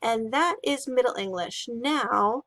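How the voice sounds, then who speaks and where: A woman giving a casual, chatty history lesson, talking with fillers and quick asides. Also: on the high side, no room sound. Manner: chatty, animated, with fillers and laughs. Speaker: teacher. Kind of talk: casual lecture.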